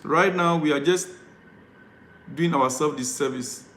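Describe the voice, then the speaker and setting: A man's voice: fairly high pitch, unhurried, a bit bright, reverberant, slight background noise. A man live-streaming as a football fan vlogger, ranting and pleading, repeating himself in exasperation.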